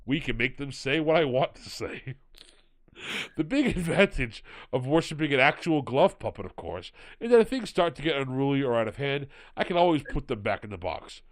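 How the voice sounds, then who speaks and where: A man's voice: mid-range voice, big pitch swings, moderate pace, natural voice. A man doing a comic impression of a pompous older author, reading aloud in a mock-grand voice. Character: pompous older English author, male, dry.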